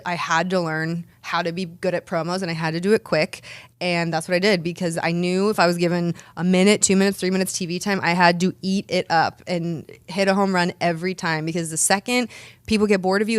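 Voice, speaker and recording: A woman's voice: lowish voice, clear, resonant tone, no room sound. A woman in her thirties telling stories in a casual interview, chatty, often restarting and repeating words. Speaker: interview guest, pro wrestler and dentist.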